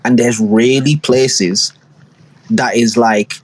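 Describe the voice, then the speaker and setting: Husky man telling a long story. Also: medium pitch, steady tone, slow pace. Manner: rambling storytelling full of slang and fillers. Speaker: podcast co-host. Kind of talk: casual chat.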